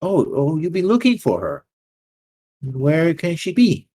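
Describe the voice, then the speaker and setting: A man voicing a smug, scheming male moneylender who talks with calm, drawn-out menace in a tabletop game. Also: fairly low pitch, husky, full character voice. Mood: mocking.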